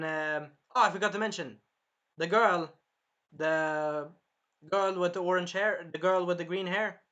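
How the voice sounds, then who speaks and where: A man recapping and reviewing an anime episode in a rambling, self-correcting way, with a sore throat that he keeps clearing, acting out the characters' lines. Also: high-pitched, pushed and bright. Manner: rambling, jumps around and corrects himself, acts out characters' lines.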